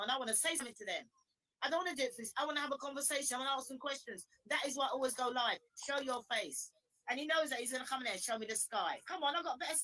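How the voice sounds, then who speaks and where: A woman calling into a livestream, forceful and indignant as she repeats her points in a heated rant. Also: high-pitched, a little hiss or hum, low-quality recording. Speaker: livestream guest.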